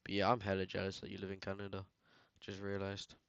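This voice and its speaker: A man's voice: sits low, completely flat delivery, fast talker, creaky, a bit bright, clear, resonant tone, no room sound. A man with a British accent chatting casually while editing photos, rambling and slangy, full of filler words. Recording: dull, dry lo-fi sound.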